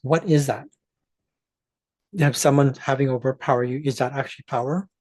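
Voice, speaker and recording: A man talks straight to his audience in an emphatic, swearing rant. His voice is husky and sits at an ordinary pitch. It sounds close and dry, with no room around it. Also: fairly even intonation, brisk, darkish tone, no echo. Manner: emphatic, profane, restarts mid-sentence. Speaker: astrology channel host. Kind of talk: ranting monologue to camera.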